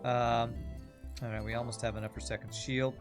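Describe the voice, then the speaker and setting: A man's voice: medium pitch, level tone, normal speed, music in the background. A man streaming a video game, chatting with viewers in a rambling, self-mocking way. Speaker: streamer and gamer. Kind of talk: casual chat while playing a game.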